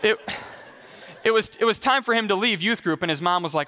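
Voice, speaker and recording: A man's voice: sits high, fairly quick, bright, forceful tone, big-room sound. A male pastor preaching a sermon in a conversational way, putting questions straight to the congregation.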